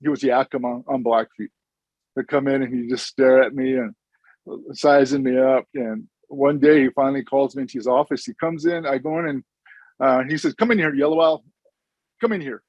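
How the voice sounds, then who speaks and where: A man's voice: medium pitch, fairly even intonation, moderate pace, darkish tone, dry recording, highs cut off. A middle-aged man, a social worker, giving an earnest, informal conference presentation with stories and frequent restarts.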